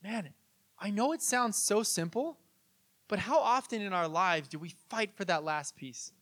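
Animated, higher-pitched male pastor preaching. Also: a little slow. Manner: conversational, animated storytelling with audience questions. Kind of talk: sermon with stories and humor.

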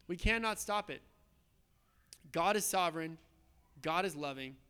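A man's voice: sits high, animated, moderate pace, pauses often, bright, forceful tone, clear, resonant tone. A man preaching a sermon in a conversational, emphatic way, often checking in with his listeners. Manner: emphatic, conversational, frequent "okay?" and "right?" check-ins. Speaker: pastor.

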